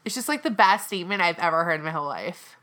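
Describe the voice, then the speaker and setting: This is a young woman from the American South with a bright, sharp edge to her voice. She talks in an opinionated, dramatic way and keeps breaking into exaggerated high-pitched impressions of people. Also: expressive, fast talker. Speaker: co-host. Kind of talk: casual reality-TV recap chat.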